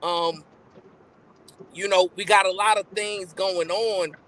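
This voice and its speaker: A man's voice: high-pitched, steady tone, takes it slowly, fairly bright tone, a little hiss or hum, low-quality recording. A man co-hosting a live stream, rambling and hesitant with many fillers. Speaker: show co-host. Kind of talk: casual live stream chat.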